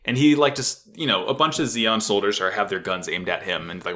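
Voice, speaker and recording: A man co-hosting a podcast, recapping an anime in a casual, animated way, with swearing and frequent laughter. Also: fairly low pitch, a little fast, hardly any pauses. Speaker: podcast co-host.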